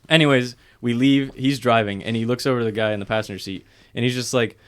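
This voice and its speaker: A young man telling a work story in casual chat, profane and animated, acting out what others said. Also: mid-range voice, fairly quick, smooth. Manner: animated, profane, acts out quotes. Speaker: podcast co-host.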